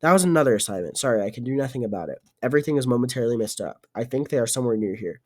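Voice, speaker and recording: A man voicing a short, fat, older officer, fatherly and weary, speaking quietly and clearly in halting phrases. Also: mid-range voice, lively intonation, close to an everyday voice. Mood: reassuring.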